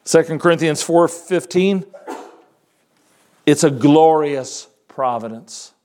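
A man with a fairly high voice delivers a sermon. He reads scripture slowly, leaning on key words. Between readings he talks in a relaxed, casual way. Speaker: preacher.

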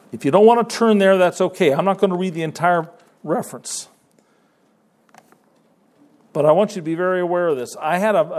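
Conversational preacher man with a high-ish voice. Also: a little mellow. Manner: conversational, with restarts and emphatic rises. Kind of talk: sermon.

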